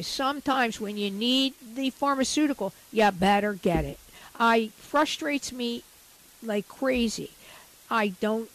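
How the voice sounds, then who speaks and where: A woman's voice: fairly high pitch, gravelly, poor audio. A middle-aged woman doctor talking frankly and animatedly about her patients on a radio health show.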